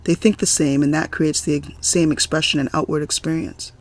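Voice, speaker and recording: A man's voice: a little high, little pitch movement, fairly quick. A man narrates a novel as an amateur audiobook reader, stumbling now and then and restarting his sentences.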